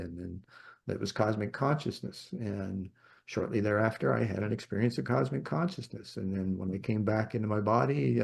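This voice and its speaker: A man hosting a podcast, telling a personal story in a rambling, reflective way with soft laughs. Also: on the low side, creaky, breathy edge. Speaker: podcast host. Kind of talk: reflective storytelling in casual conversation.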